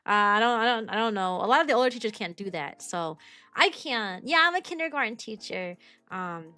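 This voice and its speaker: This young adult from the US streams and teaches kindergarten, and she chats with viewers loosely, full of fillers and false starts. Her voice sits a little high, bright and forceful. The recording has no room sound.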